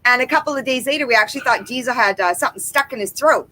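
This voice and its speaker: A woman's voice: fairly high pitch, rapid-fire, sharp tone, poor audio. A woman co-hosting a casual livestream from her backyard, chatting and reading viewer comments aloud. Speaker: co-host of a livestream. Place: outdoors in a backyard. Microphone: laptop microphone.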